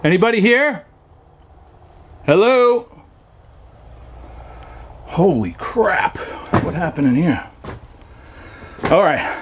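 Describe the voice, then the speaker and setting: A frightened, shaky man filming himself alone on a ghost hunt in an abandoned trailer at night, muttering to himself and calling out into the dark. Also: lowish voice, a little hiss or hum, low-quality recording. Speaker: paranormal vlogger. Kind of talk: nervous solo ghost-hunt vlog. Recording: night insects and crickets clearly audible.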